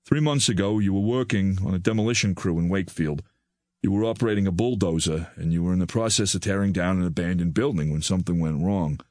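A man voicing a kindly, soft-spoken older male doctor, his voice low and gentle. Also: fast talker, no room sound, clean studio sound, close to an everyday voice. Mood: grave, measured.

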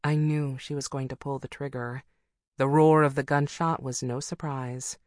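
A woman reading a first-person novel aloud as an audiobook narrator, with wry, brisk storytelling. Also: very deep voice, steady tone, darkish tone, dry recording, studio quality.

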